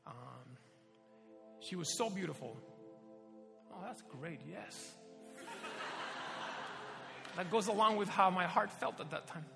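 A man preaching a sermon, telling personal stories in an animated way and laughing often. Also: high voice, slow, gravelly, pauses often, big-room sound, music in the background.

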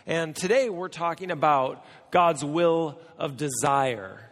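A man's voice: on the high side, animated, takes it slowly. A middle-aged American man preaching a sermon, telling a story with joking asides to the audience. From United States. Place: large church or conference hall. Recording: long hall reverb.

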